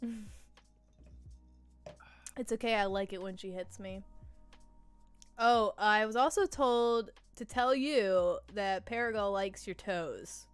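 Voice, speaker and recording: Woman in her 30s hanging out on a stream, smooth clear voice, lots of giggling and cussing, bit of music behind. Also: mid-range voice, takes it slowly, pauses often. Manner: laughing, swearing freely. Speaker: guest. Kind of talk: casual chat.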